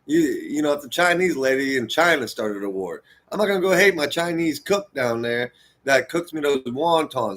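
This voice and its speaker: A man's voice: medium pitch, animated, normal speed, fairly bright tone. Fired-up male vlogger in his forties, lecturing viewers in a loose, profane, rambling rant. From United States. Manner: heated, profane, rambling and preachy. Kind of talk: unscripted rant to camera.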